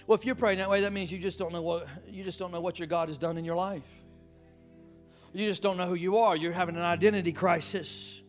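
A man preaching a sermon, emphatic and animated, calling out to the congregation. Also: high voice, fairly quick, faint music behind. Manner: emphatic, call-and-response, animated.

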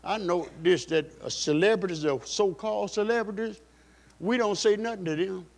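A man preaching from the pulpit with a fairly high voice. He drives each point home and repeats his key lines. His delivery is emphatic, as a pastor's sermon. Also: normal speed, vocal fry.

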